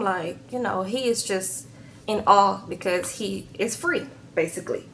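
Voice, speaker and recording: A woman's voice: mid-range voice, moderate pace, a bit bright, a little hiss or hum, low-quality recording. Sassy chatty woman vlogger. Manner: sassy, chatty, tags lines with "okay?" and "girl". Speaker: YouTube reality-show recapper. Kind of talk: casual recap vlog.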